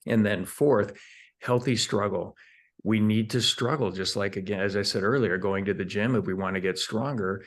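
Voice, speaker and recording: Low-pitched guy on an interview, walks through his points one by one, kinda repeats himself as he thinks. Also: normal speed. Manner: explains in numbered steps, repeats words while thinking. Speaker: entrepreneur guest. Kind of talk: conversational interview.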